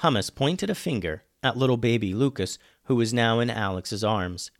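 Man reading a kids' adventure tale. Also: normal speed. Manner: lively, dropping low on speech tags. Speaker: storyteller. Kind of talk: reading a children's adventure story.

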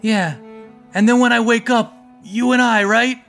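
A man's voice: extremely high pitch, steady tone, a little slow, vocal fry, a bit bright, faint music behind, pitched above the performer's own voice, full character voice. A man voicing a weak, dying talking donkey who speaks in a faint, plaintive, clingy way in a tabletop game.

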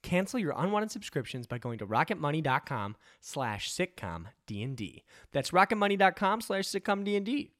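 A man reads podcast sponsor ads with a mock-intense, dramatic delivery. His voice sits a little high and moves widely in pitch, and the sound is dry and close. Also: sing-song, moderate pace, few pauses, fairly bright tone, no room sound. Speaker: ad reader. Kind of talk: podcast ad read.

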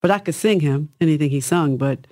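Husky-voiced woman singer, dry sound. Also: fairly quick, mellow, no room sound. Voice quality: husky, low-toned. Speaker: singer, guest. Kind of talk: casual interview talk.

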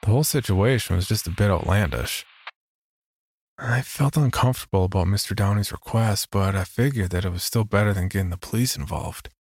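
A man reading a first-person horror story in a measured, low-key scripted narration. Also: a little mellow, breathy edge, no echo.

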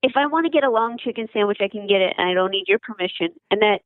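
A woman's voice: mid-range voice, lively intonation, rapid-fire, no echo. A woman calling in by phone to a comedy podcast, hesitant and stammering, flustered. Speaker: caller on the phone. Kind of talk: improvised comedy phone call. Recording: tinny phone line.

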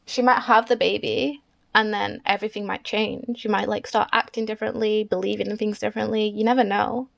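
A woman co-hosting a podcast, talking calmly and weighing both sides. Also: mid-range voice, a little fast, vocal fry. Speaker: podcast co-host. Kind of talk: casual chat.

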